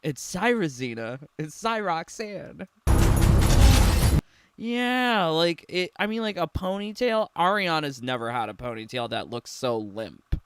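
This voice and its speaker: Slow, gravelly young man riffing sarcastically. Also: fairly high pitch, expressive, fairly bright tone, a little hiss or hum. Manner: sarcastic, giggly, filler-heavy. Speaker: streamer reacting to a game trailer. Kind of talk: casual reaction commentary.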